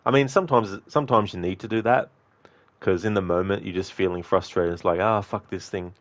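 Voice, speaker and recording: A man's voice: sits low, a little fast, no room sound. A man streaming a game, rambling casually to his viewers, answering them and swearing freely. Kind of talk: casual live-stream chat.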